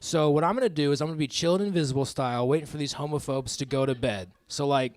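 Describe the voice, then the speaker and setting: A man in his thirties doing live stand-up comedy on a club stage, crude and self-mocking, with quick asides to the crowd. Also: a little high. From American Midwest.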